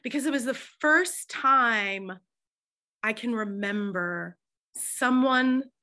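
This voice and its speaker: A middle-aged woman, a hospice chaplain, telling stories in an interview with emphatic, animated delivery and frequent fillers. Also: fairly high pitch, slow. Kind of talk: conversational storytelling interview.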